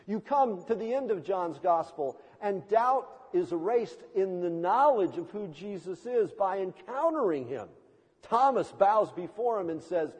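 Husky high-ish guy preaching in a big echoey church, slow and swooping all over. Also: a little mellow. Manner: impassioned, emphatic preaching with dramatic swells. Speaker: pastor. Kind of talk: sermon. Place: church sanctuary.

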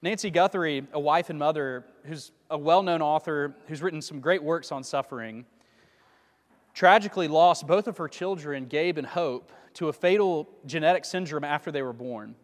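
Preaching at a normal pace in a fairly high voice, a man delivers a conversational sermon and frequently asks his audience rhetorical questions. A large hall's long reverb surrounds the audio.

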